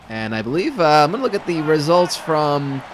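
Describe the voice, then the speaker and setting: A man with a slightly high, sing-song voice calls simulated football games for a stream at a moderate pace. He rambles and corrects himself as he goes, adding dry humor while music plays in the background.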